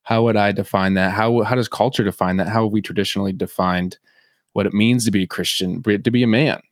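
A man's voice: on the low side, steady tone, fast talker, no echo, studio quality. A man co-hosting a podcast, thinking aloud in a reflective, searching way. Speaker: podcast co-host. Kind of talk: casual podcast chat.

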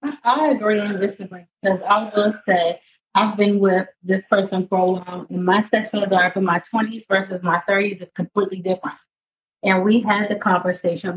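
A woman's voice: mid-range voice, fairly even intonation, brisk, poor audio. A woman in her late twenties in a casual chat, candid and thinking aloud. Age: late 20s. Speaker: panelist.

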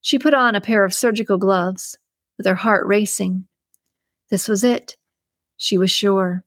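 A woman reads a novel aloud, telling the story at an even, steady pace. Her mid-pitched voice sounds close and dry, with no room echo. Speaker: audiobook narrator. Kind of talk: scripted narration.

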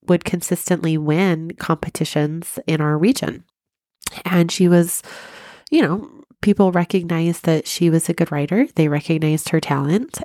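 A woman with a low voice and a stuffy, sick-sounding nose talks through her podcast. She tells her story in a chatty, friendly way. The sound is dry and close. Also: a little mellow, no echo. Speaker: podcast host and mindset coach. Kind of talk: casual solo podcast talk.

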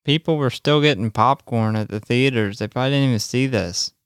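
A man's voice: medium pitch, a little fast, clean tone, no echo, studio quality. A man co-hosting a casual podcast, blunt and crude and joking about a movie. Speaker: podcast co-host. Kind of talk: casual chat.

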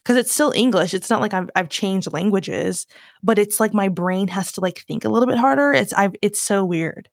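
A woman's voice: medium pitch, moderate pace, gravelly, no room sound, clean studio sound. A woman in her twenties from Virginia with a light Southern accent, chatting on her own show in a rambling, self-mocking way full of fillers. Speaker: podcast host. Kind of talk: casual solo chat.

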